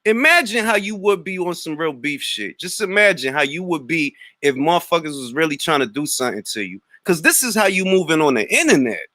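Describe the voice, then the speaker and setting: A man with a New York accent hosts a livestream, trading mocking trash talk full of street slang. His voice swings widely in pitch and sounds bright and forceful. The sound is dry and close, with no room around it. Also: very animated, fairly quick, hardly any pauses, dry recording. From Harlem, New York. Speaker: livestream host. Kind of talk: taunting livestream rant.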